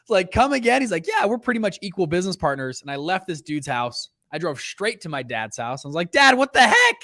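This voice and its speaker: A young adult man, a podcast guest, telling stories in a casual chat and acting out quoted lines with big jumps in pitch. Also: expressive, fast, dry recording, clean studio sound. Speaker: podcast guest, fund founder.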